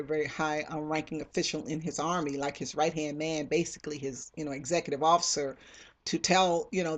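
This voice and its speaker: A novelist casually retelling scenes from their own stories, rambling with many fillers and restarts, and acting out characters' lines. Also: mid-range voice.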